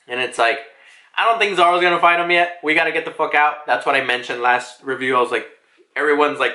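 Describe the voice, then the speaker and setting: A man casually recapping a manga chapter, excitable and laughing, with frequent swearing. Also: fairly high pitch, quick pace. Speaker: manga reviewer. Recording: roomy echo.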